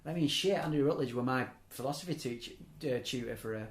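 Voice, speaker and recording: A man's voice: mid-range voice, a little fast. A young man, telling long rambling stories in casual podcast chat, breaking off mid-sentence and adding chuckling asides. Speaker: podcast host. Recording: echoey room.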